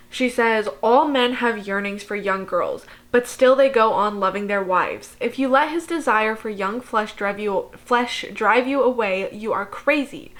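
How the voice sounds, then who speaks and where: A woman's voice: fairly high pitch, fairly bright tone. Chatty young woman recapping a book. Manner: chatty, exasperated, laughing, lots of "like". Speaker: book vlogger.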